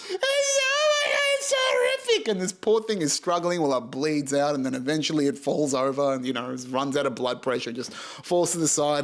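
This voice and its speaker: An Australian man in his thirties hosting a podcast, telling a comic story with lots of swearing and laughter. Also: on the high side. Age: 30s. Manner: profane, animated, laughs through his story. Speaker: podcast host.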